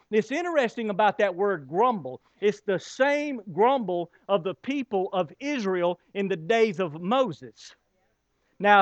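A man preaches to his congregation in a notably high voice, building his points with rhetorical questions and pauses. The sound is dry and a little dull. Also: dry recording. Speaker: pastor. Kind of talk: sermon.

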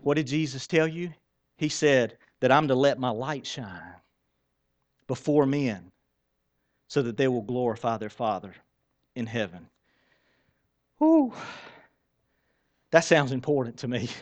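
A man preaching a sermon in a church, conversational and animated, with self-deprecating asides. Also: mid-range voice, moderate pace, long pauses, muffled recording. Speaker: pastor. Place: church sanctuary.

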